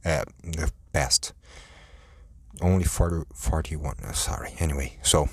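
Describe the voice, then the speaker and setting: A man's voice: rumbling low, measured pace, slightly rough, no echo. A tired man rambling profanely on his own podcast, stumbling and restarting his sentences. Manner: rambling, profane, self-interrupting. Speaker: podcast host.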